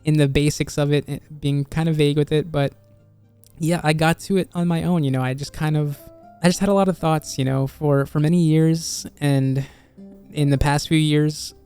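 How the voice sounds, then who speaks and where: A video game YouTuber who is slowly losing their voice talks in a halting, earnest way, restarting phrases, over a studio microphone. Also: mid-range voice, fairly even intonation, smooth, faint music behind. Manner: earnest, halting, many restarts and soft laughs. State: slowly losing voice, slightly hoarse. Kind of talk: reflective casual video commentary.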